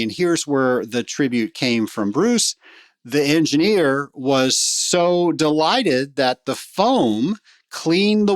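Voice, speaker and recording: A man's voice: mid-range voice, no echo. Male podcast host, middle-aged, easygoing and chatty, mid-range voice, dry studio sound. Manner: chatty storyteller, warm asides to listeners. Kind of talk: casual podcast monologue.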